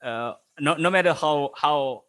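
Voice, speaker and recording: A man teaching an online English class, halting, with many fillers and restarts and frequent chuckles. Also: a little high, fairly bright tone, clear, resonant tone.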